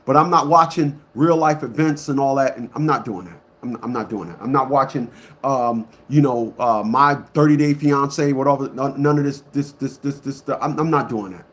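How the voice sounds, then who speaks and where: A man giving a blunt, emphatic monologue to a live audience as an online commentator. He repeats himself often and swings between loud outbursts and low muttering. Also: normal speed.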